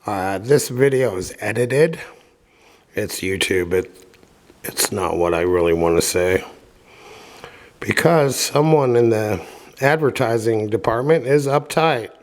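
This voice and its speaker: A man casually reading a children's book aloud and adding offhand, wry comments, with filler pauses. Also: fairly low pitch, expressive. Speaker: reader and commentator.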